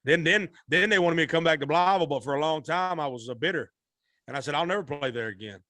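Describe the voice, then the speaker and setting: This musician guest speaks quickly in a fairly high, bright, forceful voice, with no echo on the recording. Telling a folksy podcast story, he rambles, repeats and restarts in a Southern-style way.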